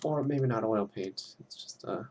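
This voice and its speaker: A man's voice: on the low side, measured pace, darkish tone, a little hiss or hum. Young man rambling while he draws. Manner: rambling, chatty, swears freely. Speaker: art student drawing on stream. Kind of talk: casual commentary while drawing. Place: at home.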